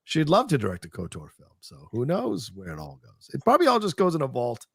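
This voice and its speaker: A man co-hosting a casual podcast, trading quick, upbeat banter. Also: medium pitch, huge pitch swings, gravelly, fairly bright tone, breathy edge, no room sound, clean studio sound. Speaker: podcast co-host. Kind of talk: casual chat.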